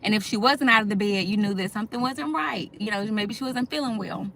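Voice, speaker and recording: Middle-aged woman host, bright voice, chatty and heartfelt, little hiss behind her. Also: mid-range voice, brisk, creaky. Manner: heartfelt, addresses listeners as y'all. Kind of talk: casual talk to the audience.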